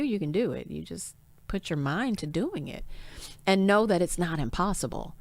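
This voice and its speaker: Woman host, low voice, earnest and upbeat casual chat, quick to laugh. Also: big pitch swings, vocal fry, no echo. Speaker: podcast host.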